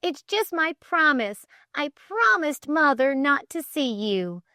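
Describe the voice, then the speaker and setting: A woman voicing a spirited, playful young woman with a clear soprano voice and an excited, coy way of talking. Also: high-pitched, slow pace, dry recording, studio quality, voice pushed up, full character voice.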